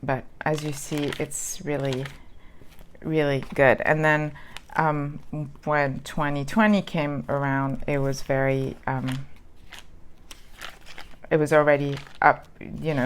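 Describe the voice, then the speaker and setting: A woman's voice: deep voice, steady tone, slow pace, slight background noise. A woman chatting casually as she flips through old planners, rambling with lots of ums and restarts. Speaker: planner vlogger. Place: lives in Southern California.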